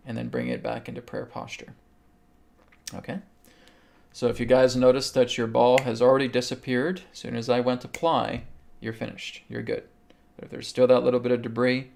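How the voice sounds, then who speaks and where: A man hosting a live show, calmly guiding a healing meditation and answering viewers' questions, often checking in with "okay". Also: mid-range voice, moderate pace, creaky. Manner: calm, instructive, repeats okay. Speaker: host and spiritual healer.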